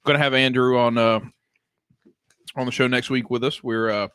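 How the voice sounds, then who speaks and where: A man's voice: medium pitch, fairly even intonation, moderate pace, a bit bright, smooth, no room sound, clean studio sound. A man hosting a casual livestream chat show, laughing often and rambling with fillers. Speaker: podcast host.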